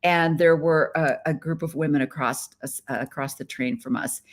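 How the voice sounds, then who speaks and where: A woman's voice: deep voice, fairly even intonation, moderate pace. Chatty middle-aged woman hosting a live stream. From US Midwest. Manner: chatty and playful, with frequent laughs. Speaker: podcast host. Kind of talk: casual live-stream chat. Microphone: webcam.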